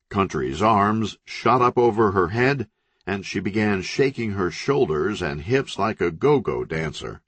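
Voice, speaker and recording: A man narrating a crime novel audiobook with expressive, dramatic storytelling. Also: sits low, breathy edge, no echo.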